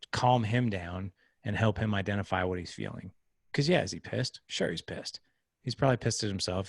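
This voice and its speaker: A man's voice: fairly low pitch, gravelly, darkish tone, dry recording, studio quality. A man in his thirties, a podcast guest, telling a parenting story in an earnest, casual way and acting out the quoted lines. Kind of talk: casual interview talk.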